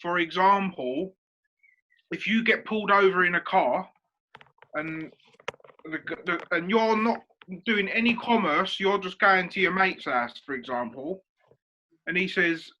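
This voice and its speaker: A man's voice: high-pitched, a little slow, long pauses, sharp tone, muffled recording. A man, co-hosting a podcast and explaining a point step by step with examples in a casual chat. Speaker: podcast co-host.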